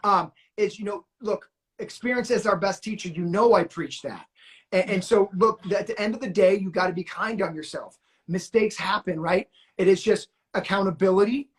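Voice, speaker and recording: A man hosting a live-stream coaching session, talking in an energetic, motivational, hype-man way. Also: sits high, normal speed. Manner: pumped-up, hype-man, shouts "let's go". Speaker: notary training coach and live-stream host. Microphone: phone or webcam on a video live stream.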